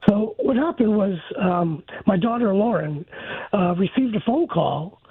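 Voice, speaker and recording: A middle-aged man from the San Francisco area calling in to a radio show, telling his story in a rambling, halting way. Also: high-pitched, lively intonation, breathy edge, no room sound. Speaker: caller. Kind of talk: phone-in story. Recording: dry tinny phone line.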